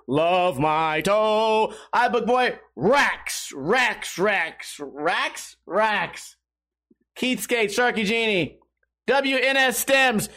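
High-voiced man ranting on a podcast. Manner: profane, animated, breaks into loud shouted impressions. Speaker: podcast host. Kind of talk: casual rambling chat. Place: at home.

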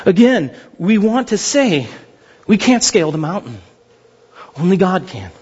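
Animated male pastor in a reverberant hall. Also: sits high, a little slow, husky. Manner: animated, jokey delivery with mock voices. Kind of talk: sermon. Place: large church hall. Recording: dull sound with long hall reverb.

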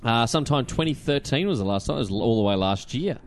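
A man's voice: mid-range voice, lively intonation, fast talker, noisy background. A man with an Australian accent hosting a podcast, joking, teasing his guests and laughing often. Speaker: podcast host. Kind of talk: casual podcast banter.

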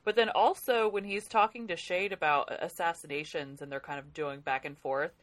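A woman co-hosting a casual podcast about a novel, animated and laughing as she reads quotes. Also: fairly low pitch, normal speed. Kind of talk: casual book club podcast chat.

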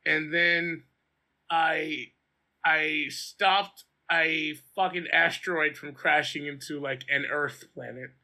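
Bright-voiced man telling gaming stories. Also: on the high side, takes it slowly. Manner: profane, animated storyteller, laughing often. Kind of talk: casual gaming chat.

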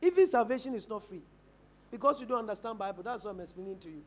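High-voiced emphatic Ghanaian preacher. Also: male voice, animated, fast talker, a little hiss or hum. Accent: Ghanaian English. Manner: emphatic preaching with questions to the congregation. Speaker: pastor. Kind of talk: sermon. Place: church.

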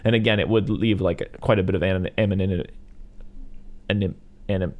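A man's voice: low voice, steady tone, normal speed, lo-fi sound. A man co-hosting a casual chat about films, rambling and full of fillers. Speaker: podcast co-host.

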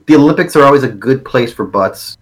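A man co-hosting a livestream, laid-back and halting, with many fillers. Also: medium pitch, lively intonation, low-quality recording. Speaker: livestream co-host. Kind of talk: casual crude banter.

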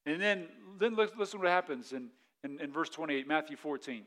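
A man preaching a sermon in a fairly high voice. He tells the story with energy, raising his voice to act out scared disciples, then drops low and soft for his reflective points. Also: fairly quick, few pauses. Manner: animated storytelling, acts out the disciples' panic in a raised voice. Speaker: pastor.

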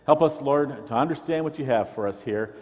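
A man's voice: mid-range voice, a little fast, darkish tone, big-room sound. A man pastor preaching a sermon, teaching in an earnest way and often repeating a word as he restarts.

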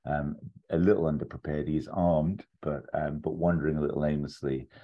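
A man's voice: very deep voice, fairly even intonation, a little fast, phone-quality sound. A man, a podcast co-host, telling a long made-up film plot in casual chat. He rambles, acts out quoted lines and laughs as he goes.

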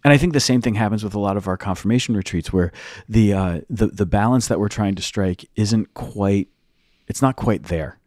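A man with a somewhat low voice co-hosts a relaxed podcast chat, explaining things earnestly and circling back on his own sentences. His voice sounds close and dry, with no room around it. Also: moderate pace, no echo. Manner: earnest, rambling explanations with many restarts. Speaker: podcast co-host, youth minister and teacher.

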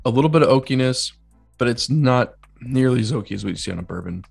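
A man's voice: medium pitch, animated, fast talker, creaky, slightly rough, faint music behind. A man co-hosting a casual whiskey-tasting podcast, describing flavors in a laid-back way. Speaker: podcast co-host.

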